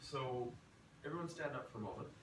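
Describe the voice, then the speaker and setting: A man's voice: medium pitch, brisk. Male voice teacher, easygoing lecture, distant roomy mic with background noise. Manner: relaxed, chatty, tells anecdotes. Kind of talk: lecture to a class. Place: classroom or rehearsal hall. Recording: roomy, from far off, noisy.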